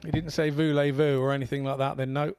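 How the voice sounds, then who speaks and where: A man co-commentating on darts, cracking jokes and giving advice on the players' mindset. His voice is gravelly and a little high, recorded dry and close. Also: little pitch movement, quick pace, a little mellow, dry recording. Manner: jokey, gives advice. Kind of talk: live sports commentary.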